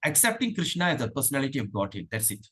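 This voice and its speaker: A man leading an online devotional class over a video call, asking the class questions and chanting verses slowly. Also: mid-range voice, sing-song, fairly bright tone, husky. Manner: chatty, asks the class questions. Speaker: spiritual teacher.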